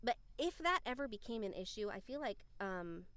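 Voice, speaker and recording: A woman who narrates audiobooks, co-hosting a podcast and explaining her views in a measured, thoughtful way. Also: medium pitch, very animated, fairly bright tone, no room sound. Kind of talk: casual discussion.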